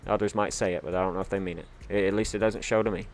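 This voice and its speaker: Male stream host, fairly low voice, casual and excitable, rambling between bursts of hype. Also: racing, a little hiss or hum. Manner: hyped, chatty, full of fillers. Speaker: livestream host. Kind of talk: casual livestream chat.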